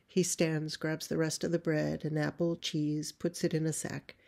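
A woman reading a play script aloud, describing stage directions in a measured way. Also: low voice, flat delivery, creaky, darkish tone. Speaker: playwright reading her script.

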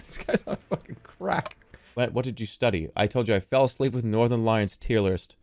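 A man streaming games live, chatting casually in a rambling, excitable way and often laughing at himself. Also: medium pitch, moderate pace, gravelly.

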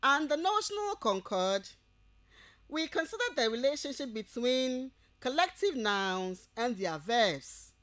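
A woman speaking Ghanaian-accented English lectures university students over the radio, slowly repeating each point as if they're taking dictation and checking they follow. Her high-pitched, slightly bright voice swings widely in pitch, with no echo.

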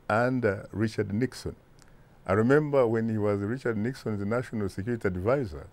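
A Ugandan-accented man in his sixties, answering interview questions in a deliberate, emphatic way with rhetorical asides. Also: fairly low pitch, a little mellow. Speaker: interview guest, broadcast journalist.

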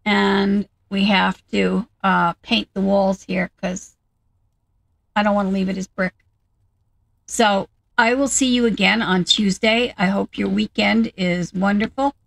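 A woman's voice: medium pitch, steady tone, a little slow, gravelly, no echo, poor audio. A woman hosting a gaming video, chatting casually and thinking aloud as she plays. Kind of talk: casual game commentary.

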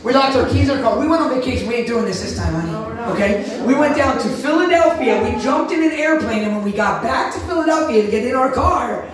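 A man preaching a sermon wrap-up, telling animated stories with sudden shouts. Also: extremely high pitch, fairly quick, few pauses, a crowd in the background. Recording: echoey room from far off.

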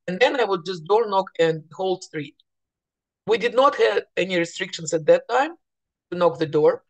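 A woman's voice: fairly low pitch, lively intonation, normal speed. A woman real estate agent speaking to fellow agents in a morning voice, telling stories chattily with restarts and acted-out bits of dialogue. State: morning voice, clearing throat.

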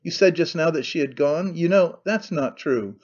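A man's voice: fairly high pitch, moderate pace, darkish tone, highs cut off, natural voice. A man voicing a panicky, nervous man who stammers out fussy protests. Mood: flustered.

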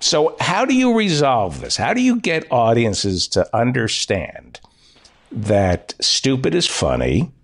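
A middle-aged man hosts a comedy podcast and lectures his guest with wry, playful emphasis. His pitch swings very widely, jumping high and dropping low as he makes his points. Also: huge pitch swings, slow. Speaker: podcast host.

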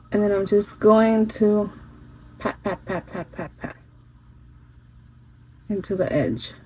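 In a medium-pitched, slightly mellow voice, a woman gives a chatty makeup tutorial filmed on her phone at home, dropping Spanish phrases and some swearing. The low-quality recording has slight background noise.

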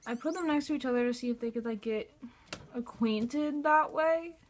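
High-voiced young woman vlogging. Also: normal speed, a little hiss or hum. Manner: panicky and frantic with her pets, flat and tired when recapping. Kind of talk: casual vlog talk to camera.

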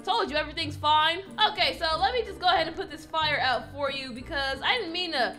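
A woman's voice: sits high, a little fast, sharp tone, faint music behind. A woman narrating a game role-play in character, chatty and pleading, with dramatic outbursts. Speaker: role-play channel host.

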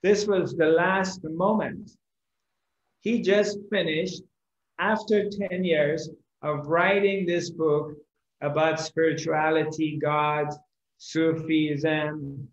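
A man's voice: a little high, steady tone, slow, echoey room, muffled recording. A man giving a spiritual discourse, telling a story animatedly and acting out the characters. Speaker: spiritual teacher.

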